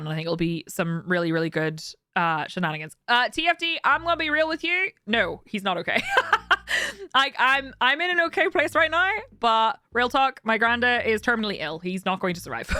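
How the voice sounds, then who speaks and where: A woman's voice: a little high, sing-song, a little fast, pushed and bright, no room sound, clean studio sound. A young woman streaming and chatting casually with viewers, candid and talkative, laughing often.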